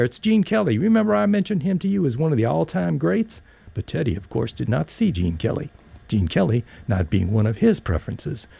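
A man's voice: medium pitch, vocal fry, warm tone, husky, no room sound. A man reading a first-person story aloud in an audiobook, wry and rambling. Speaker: narrator.

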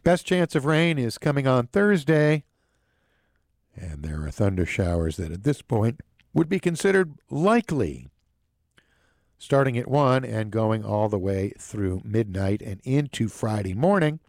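A man's voice: medium pitch, big pitch swings, unhurried, darkish tone, no echo, studio quality. A man hosting a local news show and weather forecast, reading in a casual way with wry, jokey asides.

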